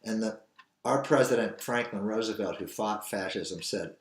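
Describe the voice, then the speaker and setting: A man's voice: lowish voice, moderate pace. Older man hosting, echoey room. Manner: rambling, earnest, with restarts. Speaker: show host. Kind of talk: opinionated solo commentary.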